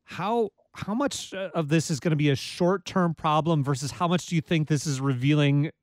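A man's voice: on the high side, normal speed, no room sound. Dry-sounding male interviewer. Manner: conversational, probing questions. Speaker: radio interviewer. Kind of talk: interview questions.

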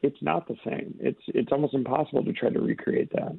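A man, a chef and restaurant co-owner, speaking as a radio guest in a halting way with many fillers and restarts, heard over a phone line. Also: medium pitch, fairly even intonation, vocal fry, breathy edge, no room sound.

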